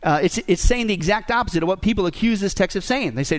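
A man's voice: high voice, lively intonation, fast talker. A man preaching a sermon to a congregation, emphatic and punchy, throwing rhetorical questions at the room and slipping in joking asides. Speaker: pastor.

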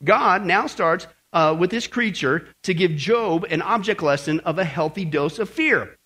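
A man's voice: high voice, a little slow, pushed and bright, husky. A man teaching a Bible lesson to a group in a conversational, jokey preaching style, constantly checking in with "okay?" and "right?". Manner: jokey, uses slang.

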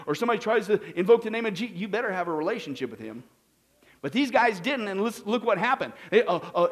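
Male pastor, high voice, brisk Bible study delivery that keeps quizzing the room. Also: animated, fairly bright tone. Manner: rapid scripture citations with rhetorical questions to the audience.

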